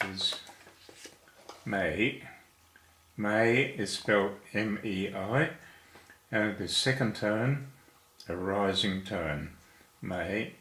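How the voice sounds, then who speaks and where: Slow, patient man teaching calligraphy strokes. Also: fairly low pitch, fairly bright tone. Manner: patient, counts strokes aloud. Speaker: Chinese writing teacher. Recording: echoey room.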